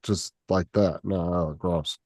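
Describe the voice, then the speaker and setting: A man with a fairly low voice chats loosely on his stream, cursing freely and laughing at the comments. The sound is dry and close, with no room around it. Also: steady tone, takes it slowly, darkish tone, dry recording. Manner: laid-back, profane, laughs often. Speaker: streamer host. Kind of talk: casual livestream chat.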